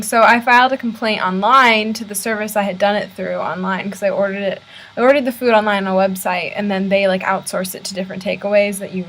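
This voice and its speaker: A woman's voice: mid-range voice, fairly bright tone, rough recording. A young American woman ranting in a casual vlog, filmed on a laptop's built-in mic in her university room. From United States. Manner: chatty, exasperated ranting. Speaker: vlogger. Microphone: laptop built-in camera mic.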